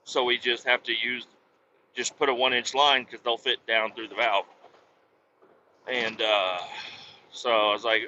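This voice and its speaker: A man's voice: medium pitch, fairly even intonation, normal speed, bright, forceful tone. A man telling a long work story in a casual monologue. He talks bluntly, swears freely and often restarts his sentences. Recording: dull lo-fi sound with faint vehicle hum.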